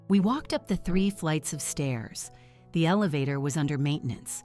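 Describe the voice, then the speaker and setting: A middle-aged woman narrating a first-person family story in an earnest, measured way. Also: deep voice, expressive, a little mellow, soft background music.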